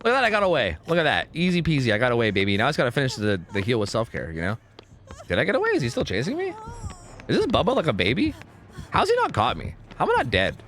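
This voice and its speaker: A young man streaming a game, talking casually and swearing as he thinks out loud. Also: mid-range voice, fast talker. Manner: animated, profane, thinks out loud. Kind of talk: casual live-stream gameplay commentary.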